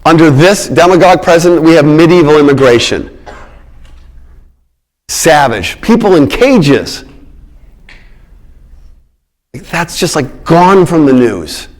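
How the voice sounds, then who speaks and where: A man's voice: fairly high pitch, a little slow. A middle-aged man giving a public lecture on politics, emphatic, repeating his key words and checking in with the audience.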